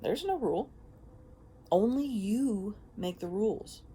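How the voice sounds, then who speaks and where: A woman giving a casual spoken monologue as a self-help vlogger, animated and frank, swearing freely and laughing often. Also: mid-range voice, takes it slowly, a little hiss or hum.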